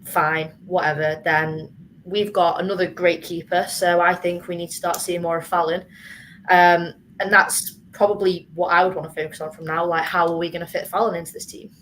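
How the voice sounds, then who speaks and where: Frank woman, lowish voice. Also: little pitch movement, moderate pace, a bit bright, slight background noise, rough recording. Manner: frank, opinionated. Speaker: fan panelist. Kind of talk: casual chat.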